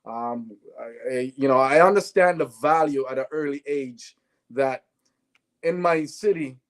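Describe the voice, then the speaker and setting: A man's voice: mid-range voice, a little slow. A man from Canada, a guest on an interview show, telling stories and acting out the dialogue. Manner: animated, acts out dialogue in his stories. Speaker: guest, former sprinter turned businessman. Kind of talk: interview storytelling.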